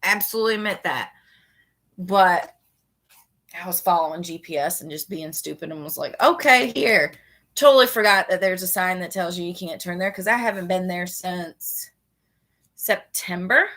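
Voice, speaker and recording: A woman telling a story in a casual, sarcastic rant, with quick animated bursts. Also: on the low side. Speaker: vlogger.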